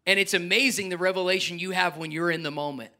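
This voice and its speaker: Preaching fast in a voice that sits high, this middle-aged pastor gives an animated sermon. His delivery swings from near-shouting to hushed, gentle asides.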